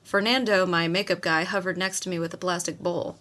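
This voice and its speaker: A woman's voice: lowish voice, fairly quick. A woman narrating a first-person novel as an audiobook, telling it expressively. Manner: expressive storytelling with acted quotes.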